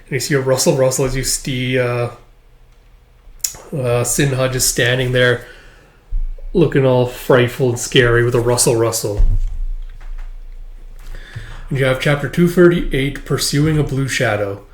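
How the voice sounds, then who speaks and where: A man reading a manga aloud in a casual, rambling way, filling gaps with "uh" and "it's like". His voice sits at a middle pitch with a roomy echo. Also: steady tone, a little slow, pauses often. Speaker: manga reviewer. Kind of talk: casual read-through with voices.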